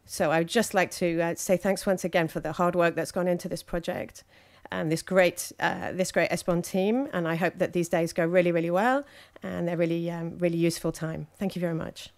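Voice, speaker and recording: A woman interpreting speeches live at a conference, halting often with fillers between phrases. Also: on the low side, fairly even intonation.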